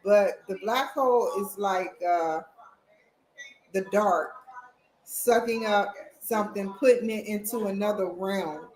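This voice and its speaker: A woman's voice: mid-range voice, slow, a little mellow, reverberant, low-quality recording. A woman vlogging at home, chatting casually and rambling straight to her viewers. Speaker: vlogger, college student. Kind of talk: casual chat to camera. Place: at home, indoors.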